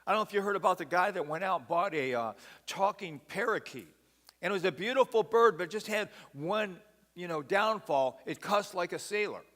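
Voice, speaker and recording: Man preaching, pastor, folksy sermon, slightly high voice, echo from a big church hall. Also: animated, brisk, fairly bright tone. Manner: folksy, peppers speech with "man". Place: church sanctuary.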